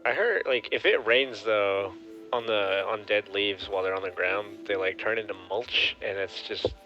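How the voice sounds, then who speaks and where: Low-voiced young man, dry offhand asides. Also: moderate pace, sharp tone. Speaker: podcast co-host. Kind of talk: casual podcast chat. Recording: dull lo-fi podcast sound with faint music.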